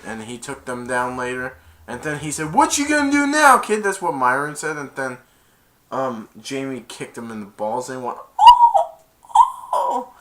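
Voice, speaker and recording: A young man casually retelling a movie plot as an amateur reviewer, rambling and jumping into loud, high voices for the characters.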